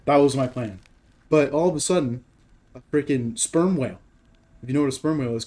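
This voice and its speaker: A man's voice: mid-range voice, warm tone. A man hosting a gaming channel who tells a rambling, profane story while playing, full of fillers and rhetorical questions.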